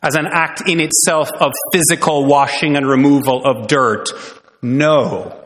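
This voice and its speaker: A man's voice: a little high, fairly even intonation, measured pace, fairly bright tone. A man preaching a sermon as pastor, earnest, with many rhetorical questions. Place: church sanctuary. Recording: long reverb in a church hall.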